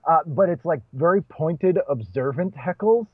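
An animated man from Boston, USA, a stand-up comic on a podcast, keeps a moderate pace with hardly any pauses and a breathy edge to his higher-pitched voice. He's chatty and self-correcting, laughing between points in a casual interview, with no echo but a muffled, dull sound.

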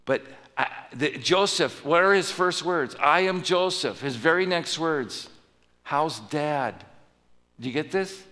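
A man's voice: fairly high pitch, expressive, slow pace, bright, forceful tone. A male pastor delivering a conversational sermon in a church, telling the story and asking his listeners questions. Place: church sanctuary. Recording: long hall reverb.

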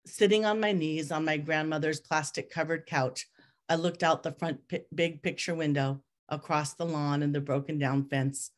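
Woman reading her own memoir out loud, low voice, steady and thoughtful. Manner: measured, reflective, steady reading. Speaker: author reading her work.

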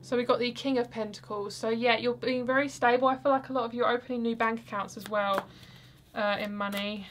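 Young woman doing a tarot reading vlog, kinda high voice, rambly and chatty, lots of likes and ums. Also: fairly even intonation, fairly quick, slight background noise. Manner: chatty, rambling, soft-spoken with frequent fillers. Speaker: tarot card reader.

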